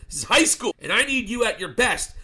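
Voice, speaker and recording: A man's voice: high voice, very animated, brisk, bright, forceful tone, pitched above the performer's own voice, exaggerated voice. A man putting on a stern wrestler lecturing his partner. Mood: scolding. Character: exasperated male wrestler scolding his partner.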